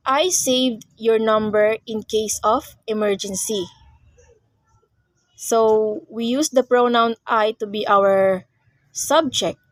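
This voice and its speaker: A young woman presents a class report on grammar, reading out explanations in short phrases with small restarts. Her voice is fairly high and the recording is dry.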